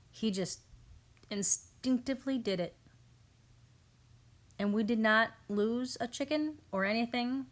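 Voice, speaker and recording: A woman in her thirties narrating a home garden video in a casual, amused, chatty way, often quoting her family. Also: fairly high pitch. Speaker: family homestead vlogger.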